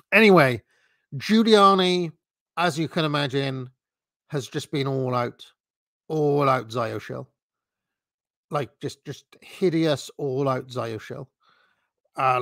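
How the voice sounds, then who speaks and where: A man with a mid-range, fairly bright voice and vocal fry delivers political commentary on a livestream with no room sound. He meanders dismissively, voicing strong opinions between fillers and repeated restarts.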